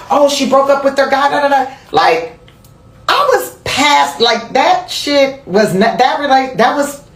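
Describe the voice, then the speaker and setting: A woman telling a candid personal story in a casual interview, animated and profane, laughing as she goes. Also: a little high, echoey room. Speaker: interview guest.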